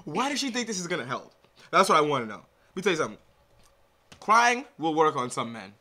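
Animated joking man hosting a reaction. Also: a little high, fast. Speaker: reaction video host. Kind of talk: casual reaction commentary.

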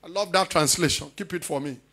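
A middle-aged man, preaching a charismatic sermon loudly and often shouting. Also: fairly high pitch, fairly quick, breathy edge. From Nigeria. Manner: loud preaching with frequent shouting. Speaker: pastor.

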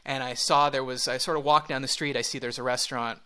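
A man in casual podcast chat, telling an animated travel story with many restarts. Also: medium pitch, quick pace, clean tone. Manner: animated storyteller, acts out voices, restarts often. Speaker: podcast co-host or guest.

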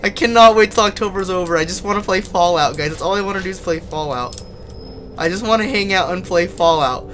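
Young guy streaming a scary game, bright voice, jumpy and swearing, faint noise behind. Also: high voice, fairly quick. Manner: jumpy, swears and yelps in fright, then chats to viewers. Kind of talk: live horror game commentary.

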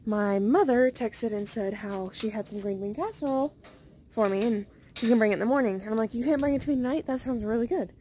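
A tired young woman rambling casually to her phone camera in a vlog, sleepy and unhurried. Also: fairly high pitch, noisy background. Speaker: vlogger. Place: car, bed, then walking outdoors at night.

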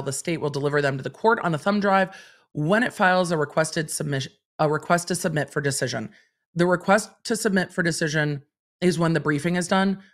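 A woman hosting a livestream, reading court documents aloud and commenting on them in a chatty, wry way. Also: deep voice. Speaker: legal commentator host.

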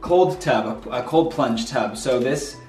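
A man's voice: medium pitch, unhurried, a little mellow, faint music behind. A man in his thirties, a researcher and family vlogger, chatting easily at home and in the backyard and explaining things with jokes. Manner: easygoing and joking, explains things plainly. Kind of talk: casual chat with explanations.

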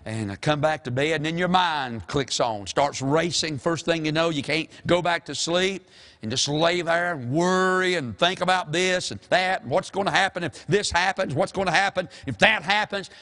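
A man's voice: fairly high pitch, normal speed. An older man, preaching a folksy sermon as pastor and calling out to the congregation. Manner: folksy, animated preaching with call-and-response.

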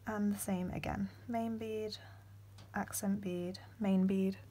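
Soft-spoken woman teaching a craft. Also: medium pitch, steady tone, slow. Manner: soft-spoken, many ums, often drops to a whisper. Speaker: beading tutorial host. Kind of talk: step-by-step craft tutorial.

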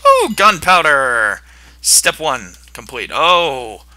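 A young man narrating his gameplay at an unhurried pace, breaking into playful taunts at the monsters. His voice is very bright and sharp. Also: a little high, very animated, slight background noise. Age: young adult. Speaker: gaming video host. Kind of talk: gameplay commentary.

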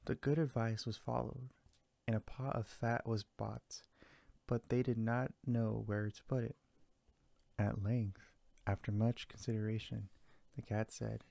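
A man narrating a fairy tale aloud in a steady, unhurried storytelling manner. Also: lowish voice, vocal fry, no echo.

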